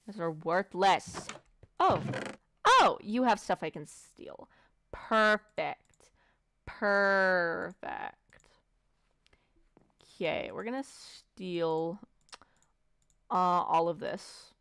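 A woman's voice: on the low side, lively intonation, extremely slow, long pauses, a bit bright, clear, resonant tone, no room sound. A woman casually commentating her gameplay, playful and foul-mouthed, chatting to the animals she meets. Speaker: let's play gamer.

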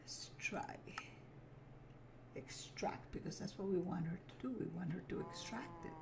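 With background noise behind her, a woman who makes gaming videos comments casually on her play in a low, gravelly voice that runs a little slow. She talks to herself and giggles softly as she says sorry.

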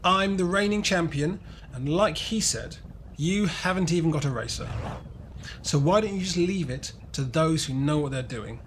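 A man's voice: mid-range voice, steady tone, measured pace, a bit bright, a little hiss or hum, lightly acted. A man voicing a boastful, sneering boy rival in a storybook reading, cool and dismissive. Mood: smug.

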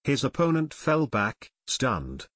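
A man narrating an adventure audiobook in a steady, measured way. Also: mid-range voice, no room sound. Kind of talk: scripted narration.

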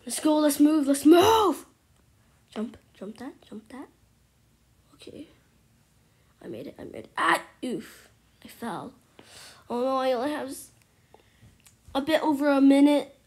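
A woman giving excitable commentary on her gameplay, exclaiming and at times whispering to her viewers. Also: sits high, measured pace, long pauses. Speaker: gameplay streamer.

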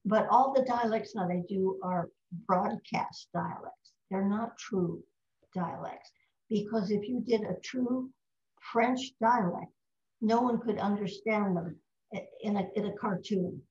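In her 90s, an American voice actress recounts showbiz tales as an interview guest, lively and fond of mimicking voices. Her mid-range voice moves at a measured pace, and the casual conversation is recorded in a roomy space with slightly dull sound.

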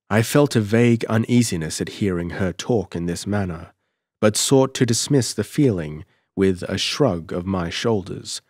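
A man narrating a first-person adventure story in a measured, deliberate way as an audiobook reader, on a close mic. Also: low-pitched, darkish tone, no room sound.

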